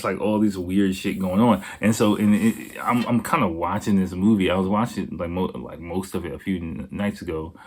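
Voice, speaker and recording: A man hosting a podcast, talking in a rambling, casual monologue full of swearing, fillers and restarts. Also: low voice. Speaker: podcast host.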